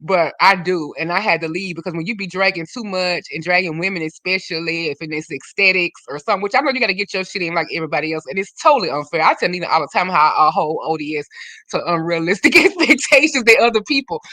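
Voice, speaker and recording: A woman hosting a livestream in casual chat, animated and swearing freely as she talks to her regulars. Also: fairly low pitch, fast talker, no echo. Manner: animated, swears freely, slips into quoted dialogue. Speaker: livestream host.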